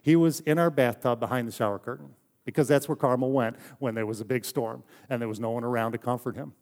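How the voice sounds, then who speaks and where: A man preaching a sermon in a conversational, story-telling way, often dropping to a soft hush for emphasis. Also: mid-range voice, fast. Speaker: pastor.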